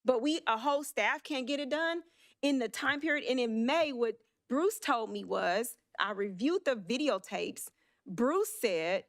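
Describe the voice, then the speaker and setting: A woman council member giving an emotional, blunt speech at a city council meeting, with halting restarts. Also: on the high side, lively intonation, a bit bright.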